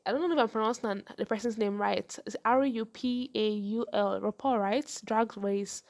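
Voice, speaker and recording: A young woman hosting a casual advice podcast, talking fast and laughing often. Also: mid-range voice, creaky, a little mellow. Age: young adult. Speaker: podcast host.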